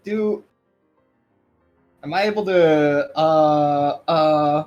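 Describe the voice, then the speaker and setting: A man's voice: a little high, very slow, darkish tone, dull audio, soft background music. A man playing a tabletop game, talking playfully and casually. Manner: playful, laughing. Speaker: player.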